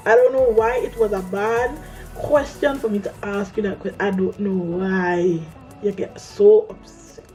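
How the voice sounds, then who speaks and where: A woman telling a personal story in a casual, animated vlog, acting out her own quoted lines. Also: on the high side, normal speed, faint music behind, poor audio. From Caribbean island. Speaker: vlogger.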